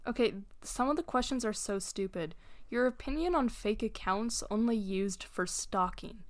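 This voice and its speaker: A young woman co-hosting a casual podcast, teasing her friend and laughing often. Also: fairly high pitch. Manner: teasing, giggly, quick to laugh. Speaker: podcast co-host. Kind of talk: casual chat.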